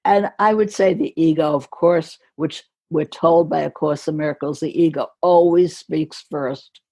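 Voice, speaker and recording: An older American woman telling a story slowly and with care, laughing softly between phrases, as a guest on a podcast. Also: low-pitched, steady tone, husky. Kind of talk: storytelling in conversation.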